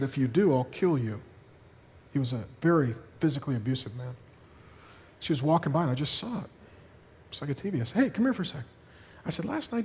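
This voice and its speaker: High-voiced preacher in an echoing hall. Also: male voice, darkish tone. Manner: storytelling, acting out quoted dialogue. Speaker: pastor. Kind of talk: sermon to a congregation.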